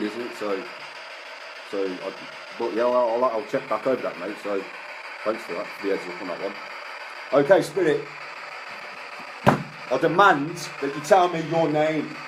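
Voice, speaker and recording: A man's voice: on the low side, normal speed. A man on a live ghost hunt, calling out to spirits in a commanding way. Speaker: ghost hunter. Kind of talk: live paranormal investigation. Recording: noisy ambience.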